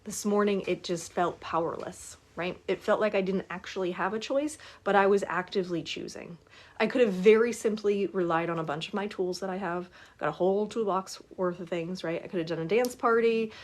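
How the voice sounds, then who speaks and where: A woman's voice: mid-range voice, brisk. Chatty woman coaching her viewers. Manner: chatty, keeps asking "right?" for agreement. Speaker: life coach. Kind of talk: casual live talk to viewers.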